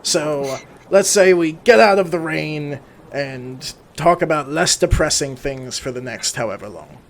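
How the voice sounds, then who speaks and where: Higher-voiced man playing a tabletop character. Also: animated, a little slow. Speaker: player. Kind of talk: casual in-character play.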